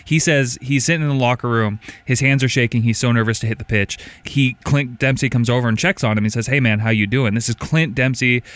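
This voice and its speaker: A man's voice: medium pitch, steady tone, fairly quick, few pauses, no echo. A man co-hosting a casual soccer podcast, telling stories earnestly with plenty of fillers. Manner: earnest, enthusiastic storyteller with fillers. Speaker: podcast co-host. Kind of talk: casual sports chat.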